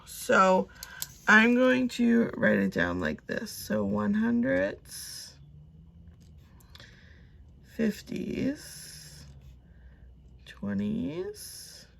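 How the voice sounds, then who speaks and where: A woman's voice: mid-range voice, gravelly, a little hiss or hum. A woman in her thirties chatting casually to camera at home, rambling and talking herself through her plans with many fillers. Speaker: cash budgeting vlogger.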